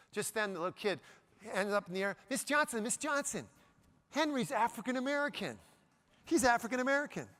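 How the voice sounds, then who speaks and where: Bright, high-voiced animated male speaker. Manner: animated, jokey, asks the audience questions. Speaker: motivational speaker. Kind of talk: live keynote talk to an audience. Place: event stage before a live audience.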